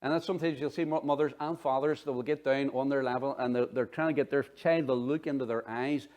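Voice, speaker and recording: A middle-aged man preaching a sermon in an animated, conversational way, full of asides. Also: medium pitch, a little fast. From Northern Ireland. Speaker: pastor.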